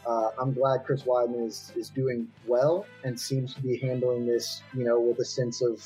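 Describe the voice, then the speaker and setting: A man talking casually as a podcast panelist, sounding excited. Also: medium pitch, normal speed, soft background music, rough recording. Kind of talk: casual chat.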